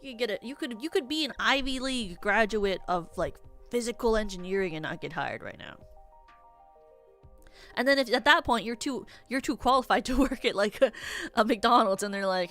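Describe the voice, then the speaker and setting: A woman's voice: fairly high pitch, lively intonation, moderate pace, a bit bright, faint music behind. A young adult woman streaming as a VTuber, chatting casually in a rambling, theatrical way with many filler words. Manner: self-described yappy, theatrical.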